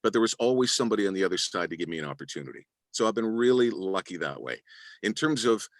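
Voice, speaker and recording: A man's voice: low voice, sing-song, fast, dry recording. A middle-aged man, an arena announcer and voice-over actor, answering interview questions in a humble, grateful way with frequent restarts. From Canada. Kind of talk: interview guest, reflective storytelling.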